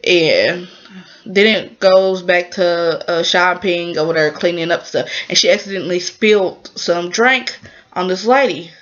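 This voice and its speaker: A woman casually recapping a drama episode in a rambling, chatty way, full of fillers and lively exclamations. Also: lowish voice, unhurried, highs cut off.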